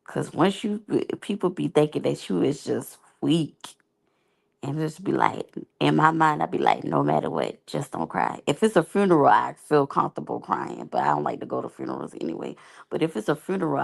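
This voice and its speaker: A woman's voice: low voice, vocal fry. A woman giving candid, rambling, slangy commentary as a reality TV reviewer. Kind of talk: casual unscripted commentary.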